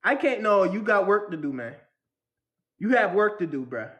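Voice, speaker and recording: A man's voice: high voice, big pitch swings, normal speed, a bit bright. A man delivering a casual spiritual rant to the camera, slangy and repetitive, often restarting his sentences. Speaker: vlogger.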